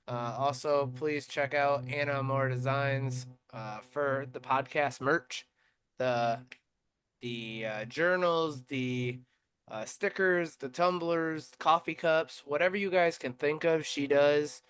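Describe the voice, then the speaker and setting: A man's voice: medium pitch, slow. A man hosting a racing podcast in casual chat. He tells stories animatedly and uses plenty of fillers. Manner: animated storytelling with many fillers. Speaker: podcast host.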